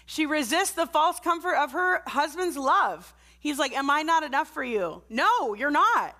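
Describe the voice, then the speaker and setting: A woman's voice: a little high, bright, forceful tone. Earnest middle-aged woman preaching. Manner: earnest, conversational, asks the congregation direct questions. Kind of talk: sermon.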